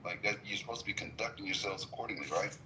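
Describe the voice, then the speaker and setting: A man in a casual group podcast chat, talking in an animated, indignant way. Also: on the low side, quick pace, slight background noise, poor audio. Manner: animated, indignant ranting with mimicked shouts.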